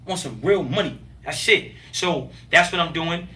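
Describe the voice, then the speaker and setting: High-pitched guy hyped up telling hustle stories on a podcast, bright voice, kinda far from the mic. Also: moderate pace. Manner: animated, streetwise slang, emphatic outbursts. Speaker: guest. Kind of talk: casual interview storytelling.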